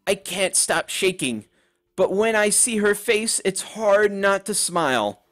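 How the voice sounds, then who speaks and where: Timid young female pony, read by a man: soft, hesitant, pitched up, unhurried. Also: lively intonation, faint music behind. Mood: nervous. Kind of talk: reading game dialogue aloud.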